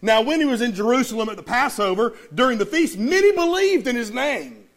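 High-pitched preacher guy, lively storytelling, keeps asking the congregation for an amen. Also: brisk. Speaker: pastor. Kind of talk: sermon.

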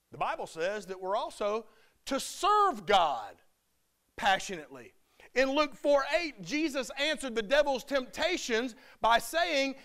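A man preaching a sermon with emphatic delivery, building to loud shouted peaks. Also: very high-pitched.

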